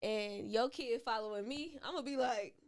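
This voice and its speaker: A young woman co-hosting a casual podcast, her voice a bit high. She tells stories with real animation, jumping into quoted voices and swearing freely. The sound is dry and close. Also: normal speed, dry recording. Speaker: podcast co-host. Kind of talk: casual chat, storytelling.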